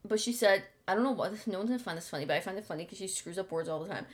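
A young woman co-hosts a casual podcast chat. She talks fast and chattily, with lots of fillers. Her voice sits at an ordinary pitch for a woman. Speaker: podcast co-host.

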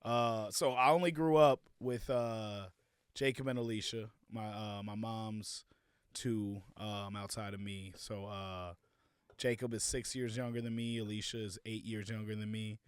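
A young man co-hosting a podcast in relaxed casual chat, backing up his partner and breaking into loud laughs. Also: fairly low pitch, a little slow, clean tone, no room sound, studio quality. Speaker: podcast co-host.

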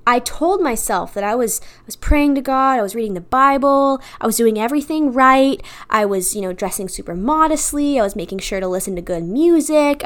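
Earnest young woman sharing her faith. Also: a little high. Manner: earnest, confessional, many fillers like "like" and "you know". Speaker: podcast host. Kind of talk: personal faith talk.

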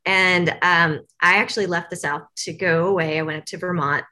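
A woman's voice: lowish voice, fairly even intonation, moderate pace, pushed and bright. A woman from Tennessee answering interview questions as a university staff guest, chatty and rambling with lots of fillers. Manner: chatty, rambling with many fillers, laughs often.

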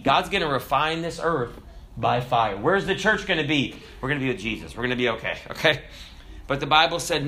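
A man preaching a conversational sermon, quoting scripture and tossing in asides and tag questions, with big swings in pitch and loudness. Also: lively intonation, moderate pace. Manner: dramatic swings in pitch and volume.

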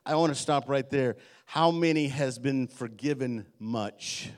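A middle-aged man preaching in a church, mixing jokes and stories from home with his message. He acts out the voices he quotes and speaks at an ordinary, mid-range pitch. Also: unhurried, hardly any pauses. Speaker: pastor. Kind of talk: sermon.

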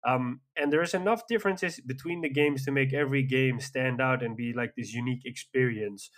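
A man with a mid-range voice chats casually as a podcast co-host. He rambles with enthusiasm and drops frequent fillers as he goes. His voice sits at an ordinary pitch. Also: moderate pace, a bit bright. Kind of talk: casual chat.

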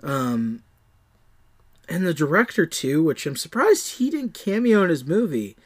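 A man with a fairly high, very lively voice talking through a movie in a casual podcast chat. He often hesitates and restarts, and acts out his own reactions as he goes. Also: unhurried. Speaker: film podcast co-host.

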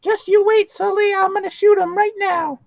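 A man voicing an eager young male adventurer in a strained falsetto. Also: little pitch movement, normal speed, vocal fry.

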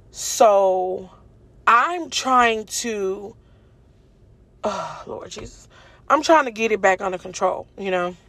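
A woman's voice: mid-range voice, no room sound. Woman telling her story to viewers, lots of ums and you knows, emotional, dry close sound. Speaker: storyteller recounting a car crash. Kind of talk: casual testimony to viewers.

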